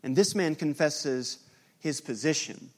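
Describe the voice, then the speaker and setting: A man in his thirties, a pastor, preaching a sermon in a conversational, animated style that builds to an impassioned climax. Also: a little high, a little slow.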